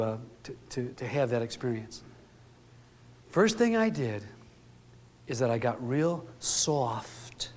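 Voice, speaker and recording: Folksy man storytelling in a hall. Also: on the high side. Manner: earnest, folksy storyteller who acts out quotes. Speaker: speaker. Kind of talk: storytelling talk to an audience. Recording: long hall reverb.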